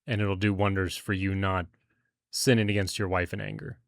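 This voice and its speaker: A man with a low voice gives calm, steady advice in a casual podcast chat. He keeps an even, easy delivery. The recording is dry, with the mic close. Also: moderate pace, creaky, no echo. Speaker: podcast co-host.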